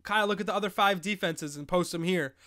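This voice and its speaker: A man's voice: high-pitched, quick pace, sharp tone. A young man hosting a live fantasy football advice stream, bantering loosely and joking as he answers chat questions. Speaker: host.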